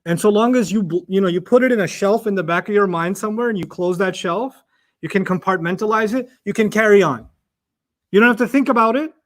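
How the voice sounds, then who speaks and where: A man with a fairly high voice delivers a Quran lecture to listeners. He talks in an animated way, asking rhetorical questions and slipping into little acted-out bits of dialogue. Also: fast. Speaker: Quran teacher.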